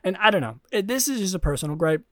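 A man's voice: high-pitched, big pitch swings, fast talker, no room sound, clean studio sound. A young man hosting a casual solo podcast, rambling with many fillers and restarts. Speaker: podcast host.

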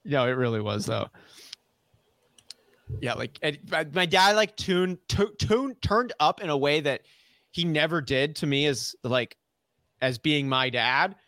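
Animated man telling a story. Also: on the high side, a little slow, pauses often, no room sound. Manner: animated storyteller, acts out quotes in a raised voice, laughs often. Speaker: podcast co-host. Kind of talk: casual storytelling chat.

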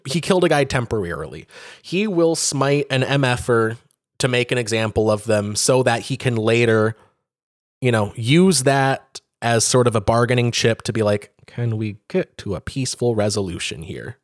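A man's voice: mid-range voice, moderate pace, dry recording, clean studio sound. Casual, rambling man recapping a story. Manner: rambling, profane storytelling with acted-out quotes. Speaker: podcast co-host. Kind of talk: casual chat.

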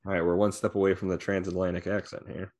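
A man's voice: low voice, little pitch movement, fast talker, a little mellow. A man in casual podcast chat, blunt and sarcastic. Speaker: podcast co-host.

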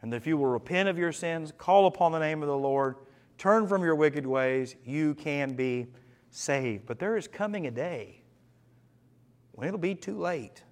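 A man leading an evening Bible study as pastor, earnest, slowing and dropping his voice for emphasis and asking the group questions. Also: a little high, lively intonation.

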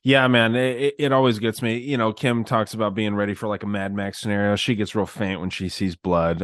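A man's voice: lowish voice, flat delivery, fairly quick, few pauses. Blunt crude man ranting on a podcast. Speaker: podcast co-host. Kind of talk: casual podcast chat.

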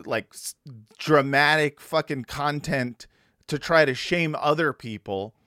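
Man, podcast host, casual, profane, slow-paced, dry close sound. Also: fairly high pitch, sharp tone, no room sound. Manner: profane, laughs often.

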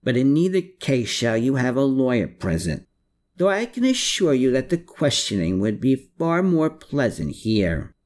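A man's voice: mid-range voice, big pitch swings, a little slow, darkish tone, voice pushed up. A man doing a growling, menacing officer. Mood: threatening. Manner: growled threats. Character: menacing male police officer.

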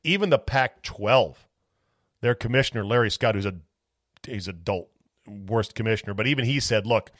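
A man's voice: on the low side, expressive, moderate pace, a bit bright, no echo, clean studio sound. Blunt, profane male podcast host. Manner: blunt, profane, sarcastic ranting. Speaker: sports talk podcast host. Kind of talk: solo podcast commentary.

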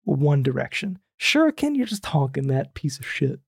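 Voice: medium pitch, very animated, normal speed, creaky, husky, no room sound, clean studio sound. A podcast co-host in casual chat, joking and putting questions to the other host.

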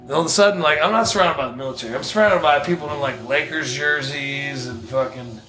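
A man's voice: on the high side, fast talker, over music. A man telling a long story in casual podcast chat, blunt and profane, laughing at his own bad luck. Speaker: podcast guest.

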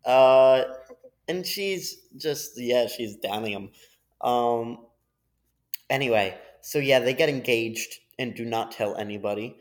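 Male podcast guest, casual chat, slow unhurried delivery, laid-back and agreeable. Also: mid-range voice.

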